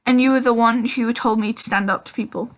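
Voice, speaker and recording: A woman's voice: fairly high pitch, steady tone, brisk, close to an everyday voice. A woman reading aloud, voicing a nervous young boy who stubbornly stands his ground. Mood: defiant. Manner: defiant, trying to be brave.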